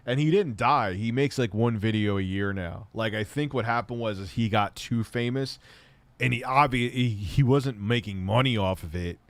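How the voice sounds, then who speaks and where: A man hosting a casual stream, telling stories in a profane, animated way. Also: moderate pace, no room sound. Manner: profane, animated storytelling, acts out quotes in high shouts. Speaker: host. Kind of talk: casual livestream chat.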